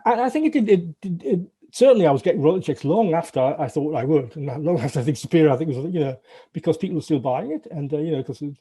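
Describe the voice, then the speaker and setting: A middle-aged man with a Northern English accent reminisces in a loose, rambling way. His humour is wry and self-deprecating. His voice is dark and mellow with a husky edge, and it sits a little high for a man. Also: animated, fast talker. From Northern England. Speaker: guest, former games programmer. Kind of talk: casual interview recollection.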